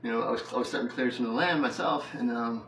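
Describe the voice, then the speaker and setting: A man's voice: mid-range voice, rapid-fire, a bit bright, reverberant, distant mic, a little hiss or hum, poor audio. A man vlogging in a loose, rambling monologue, full of fillers and laughs. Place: house with the door open.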